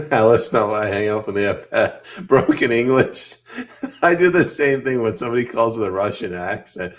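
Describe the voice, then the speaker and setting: Man, from Canada, podcast co-host, casual, jokey, laughs a lot, very low voice. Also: expressive, moderate pace. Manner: joking, laughs often, reads chat aloud. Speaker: podcast co-host reading audience comments. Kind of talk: casual political chat.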